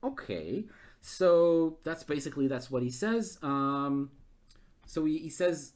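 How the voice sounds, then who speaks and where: A man who runs a gamebook live as game master, thinking aloud and getting excited. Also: fairly high pitch, takes it slowly. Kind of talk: live-streamed gamebook narration.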